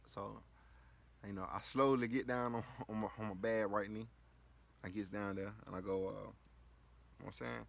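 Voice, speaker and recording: A man's voice: lowish voice, fairly even intonation, normal speed, gravelly, pauses often. A man casually telling a story, rambling and slangy, with lots of filler phrases. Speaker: vlogger.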